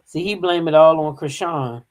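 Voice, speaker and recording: A woman running a gossip channel chats casually, reading the news aloud and filling gaps with drawn-out hums. Her voice sits low and is a little mellow.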